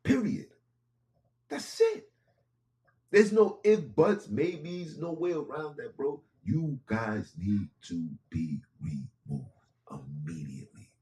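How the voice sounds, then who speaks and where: A man's voice: a little high, very animated, slow pace, few pauses, a little mellow. A man hosting a podcast, speaking in an impassioned monologue with casual street phrasing and repeated lines for emphasis. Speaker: podcast host.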